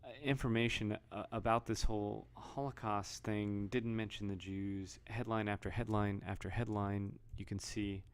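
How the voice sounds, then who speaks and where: A man talks through his thoughts in a loose, rambling vlog. His voice sits fairly low, with a gravelly fry, and he often restarts his sentences and reads headlines aloud. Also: level tone, moderate pace, few pauses. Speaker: vlogger. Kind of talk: casual commentary.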